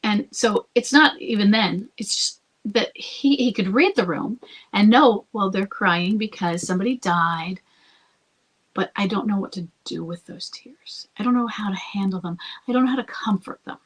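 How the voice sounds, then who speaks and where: A woman's voice: mid-range voice, moderate pace, slightly rough, low-quality recording. A woman hosting an advice podcast, answering a listener in a conversational, thinking-aloud way and sometimes dropping to a whisper. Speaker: podcast host and coach.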